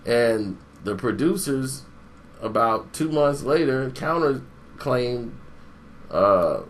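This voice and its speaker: A man giving a casual, rambling movie review, meandering and pausing to search for names. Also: mid-range voice, animated, slight background noise.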